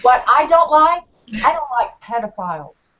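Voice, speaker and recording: A blunt woman in casual conversation, telling her stories with lots of animation and acting out each side of the quarrel. Her voice sits a little high. The audio is dull and lo-fi. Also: normal speed. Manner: blunt, animated storyteller who acts out quarrels. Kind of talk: casual chat.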